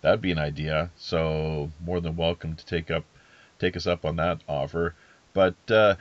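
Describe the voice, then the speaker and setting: A man's voice: low-pitched, a little slow, dry recording, highs cut off. A man hosting a podcast interview, talking casually in a rambling, hesitant way with many fillers and restarts. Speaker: podcast host.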